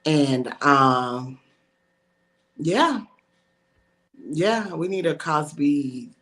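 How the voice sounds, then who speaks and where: A woman in her forties, a comedian telling animated, bawdy stories and laughing often in a casual interview. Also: low-pitched, very slow. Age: 40s. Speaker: comedian guest.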